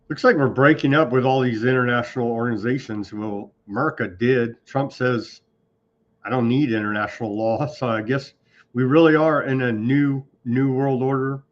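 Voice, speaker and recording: In this casual online news commentary, the male host speaks unhurriedly in a steady, mid-range voice, keeping things loose and improvised with sarcastic remarks. The audio has a slightly dull, lo-fi quality.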